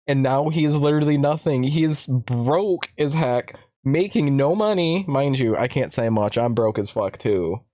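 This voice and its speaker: A blunt, defiant male streamer rambles through casual chat at a close desk mic. His voice sits at a middling pitch and sounds dry, with no room around it. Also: expressive, normal speed, hardly any pauses, mellow, dry recording. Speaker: streamer host. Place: home streaming setup.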